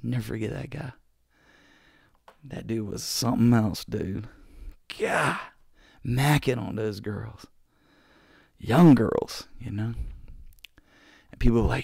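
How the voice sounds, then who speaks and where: Excitable man telling stories. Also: medium pitch, slow pace, gravelly, long pauses, husky, no room sound, clean studio sound. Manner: excitable, slangy, peppered with dude and bro. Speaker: podcast host. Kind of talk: casual storytelling.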